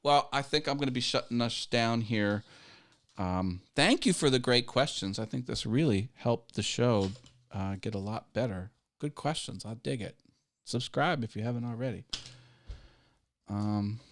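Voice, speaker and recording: A man's voice: mid-range voice, unhurried. A man hosting a casual live stream, rambling and restarting his sentences and chuckling at his own jokes. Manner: rambling, self-interrupting, laughs at own jokes. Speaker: YouTube live show host.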